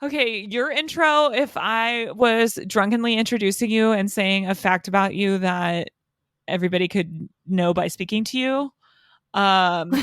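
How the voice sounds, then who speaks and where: A woman's voice: mid-range voice, measured pace, fairly bright tone, dry recording, clean studio sound. A woman co-hosting a casual podcast, chatty and giggly, with lots of "like" fillers. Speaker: podcast co-host. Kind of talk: casual chat.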